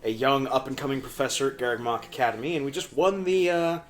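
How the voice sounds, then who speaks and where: A man co-hosting a video game let's play who explains the mechanics and teases along the way. His voice sits at a middle pitch, and his humor is dry. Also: fast talker. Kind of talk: casual gameplay commentary.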